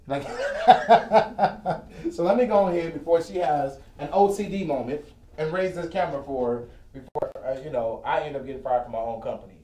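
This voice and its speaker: A man with a fairly high voice speaks at normal speed while hosting a live-streamed finance lesson from a studio with a whiteboard. He's a host and financial educator, casual, joking and chatty. A crowd can be heard in the background of the echoey room.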